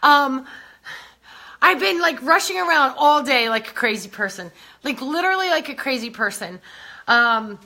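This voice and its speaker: Woman, slightly breathless, greeting fans live in a high, bright voice. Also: animated, normal speed, gravelly. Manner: chatty, greets viewers by name. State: a little out of breath. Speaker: beauty brand host. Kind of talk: casual livestream chat.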